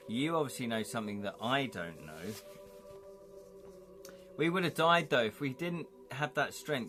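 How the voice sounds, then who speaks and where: Excitable man playing a gamebook. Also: medium pitch. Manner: excitable, forgetful chatter. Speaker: host and gamebook narrator. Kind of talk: live-streamed gamebook play.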